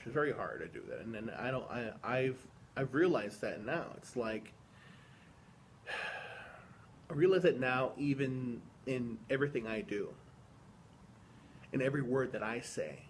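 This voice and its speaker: A man in a video diary, speaking at a middle pitch in an earnest, rambling way and often restarting his sentences. A faint hum of ambience sits under the recording. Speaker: vlogger. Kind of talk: reflective personal monologue.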